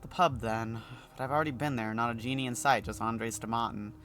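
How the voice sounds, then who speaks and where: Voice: mid-range voice, steady tone, brisk, fairly bright tone, faint music behind, lightly acted. A streamer reading a weary man doctor in his late twenties who answers in a dry, patient, slightly exasperated way.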